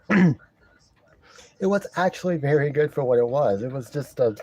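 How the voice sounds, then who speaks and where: A man casually reviewing a wrestling show from his love seat at home, rambling and repeating himself while he clears a congested throat. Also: mid-range voice, expressive, moderate pace, darkish tone. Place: living room at home, seated on a love seat. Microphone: camera in front of him.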